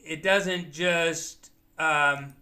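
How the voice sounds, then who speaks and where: A man walks through live trading signals with a methodical, thinking-aloud delivery. His voice sits a bit high and sounds bright and clear. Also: fairly even intonation, drawn-out words. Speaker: trading educator. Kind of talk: live market commentary.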